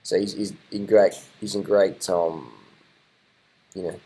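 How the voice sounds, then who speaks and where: A man talks over race footage in a loose, rambling way. His voice sits on the low side, and he gets excited, swears casually and keeps repeating himself as he reacts. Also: a little slow, slightly rough, poor audio. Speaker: vlogger commenting on race footage. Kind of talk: casual live commentary over video.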